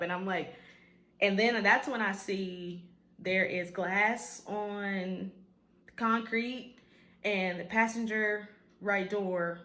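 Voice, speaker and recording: A woman recounts a painful personal story straight to camera in a casual vlog. Her voice sits at an ordinary middle pitch, and she talks with lots of "like" and "um". The room around her is echoey. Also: fairly bright tone. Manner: emotional retelling, quoting others, filler-heavy. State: tearful at times. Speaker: vlogger.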